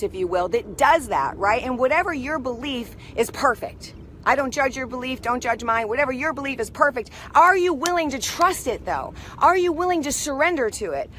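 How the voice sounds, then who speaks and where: A woman telling a story in a casual spiritual pep talk, animated and constantly checking in with the listener. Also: high voice, a little hiss or hum. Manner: animated, keeps asking "right?". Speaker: motivational speaker.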